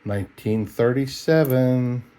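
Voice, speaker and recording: Late at night at home, a middle-aged coin roll hunter searches his coins and chats casually, folksy and relaxed, though tired and yawning. He speaks mid-range at a measured pace, with a warm, clear, resonant tone.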